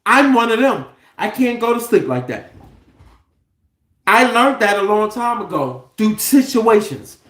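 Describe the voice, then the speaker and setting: A man's voice: high-pitched, very animated, measured pace, fairly bright tone, reverberant. A man delivering an impassioned, profane monologue, firing off rhetorical questions in a heated, preachy way.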